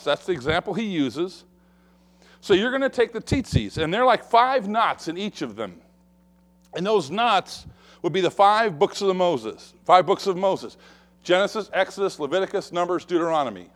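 Male pastor mid-sermon, high-pitched and lively, acts out the quotes. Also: moderate pace. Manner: expressive preaching, acts out quoted voices.

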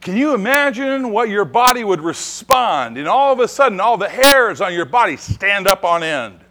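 A male pastor delivering a Sunday sermon in a church. His voice is high and bright, and his pitch swings widely as he builds to emphatic lines. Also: normal speed. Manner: animated preaching, rising to emphatic declarations.

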